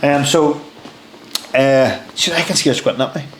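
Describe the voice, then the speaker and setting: A man in his thirties with a Northern Irish accent, telling a story as a podcast guest in an animated way, swearing freely and saying "mate.". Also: medium pitch, normal speed, slight background noise. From Northern Ireland. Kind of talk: casual storytelling. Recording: roomy echo, faint ambience.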